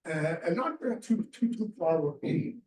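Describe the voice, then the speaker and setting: A man's voice: sits high, animated, normal speed, darkish tone. A man telling a rambling sports anecdote to a small group at a club meeting, quoting the people in it. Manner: rambling, quotes people in a retold dialogue. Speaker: chapter member telling a story. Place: restaurant meeting room. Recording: roomy, from a distant mic.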